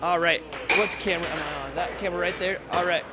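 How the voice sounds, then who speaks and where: Male live-stream commentator, high, hoarse, chatty, noisy venue. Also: fast talker. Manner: excitable, chatty, reads chat aloud. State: voice going hoarse. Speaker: air hockey commentator and streamer. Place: tournament hall.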